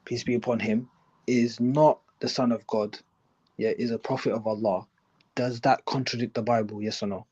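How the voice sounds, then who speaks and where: Brief man as a call-in guest, slow and deliberate, muffled lo-fi line. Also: mid-range voice, fairly even intonation, darkish tone, slightly rough. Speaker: guest debater. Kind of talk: live call-in debate. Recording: dull lo-fi call audio.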